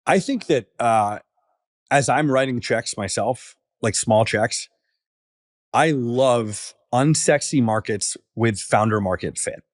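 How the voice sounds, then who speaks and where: A man in his thirties, a startup founder, talking casually on a podcast with lots of fillers and quick asides. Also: mid-range voice, animated, dry recording, studio quality. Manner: casual, filler-heavy storytelling.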